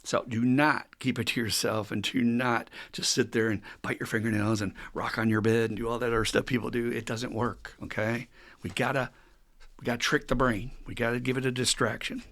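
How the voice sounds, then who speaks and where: A man hosting a recovery podcast, talking casually and teaching with animated stories. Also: medium pitch, fairly quick. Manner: animated storytelling with acted quotes and frequent laughs. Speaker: recovery counselor and podcast host.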